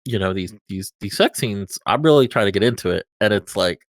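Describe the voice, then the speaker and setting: A man's voice: on the low side, a little fast, no room sound. A man co-hosting a podcast about visual novel narration, chatting casually, laughing often as he tells stories. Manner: laughs often, animated storytelling. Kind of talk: casual chat.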